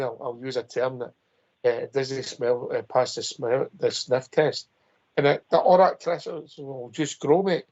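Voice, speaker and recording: A man's voice: mid-range voice, darkish tone. A man hosting a radio phone-in, chatty and jokey, calling everyone mate. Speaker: host. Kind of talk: casual phone-in chat. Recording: dull lo-fi radio sound.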